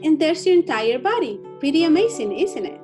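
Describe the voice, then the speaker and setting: A woman presents a kids' drama program in a high, bright voice. She is playful and encouraging, urging the children to try each exercise. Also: big pitch swings, brisk, over music. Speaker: co-host of a children's drama class.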